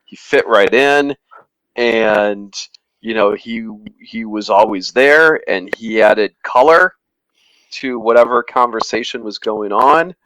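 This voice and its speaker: A man's voice: fairly low pitch, slow pace, a bit bright, clean tone, dry recording, low-quality recording. A man in a casual podcast group chat, remembering a friend in an easygoing, thoughtful way.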